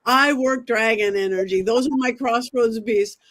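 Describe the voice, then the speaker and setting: A woman, a psychic medium as a guest, telling a dramatic story in an animated way and acting out what people said. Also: on the high side, moderate pace. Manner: excitable, quotes herself and others in dramatic asides.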